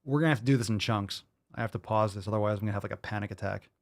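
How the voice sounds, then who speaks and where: A man's voice: on the low side, racing, dry recording. A man in his thirties hosting a podcast, ranting casually in an exasperated, profane way and repeating himself. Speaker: podcast host.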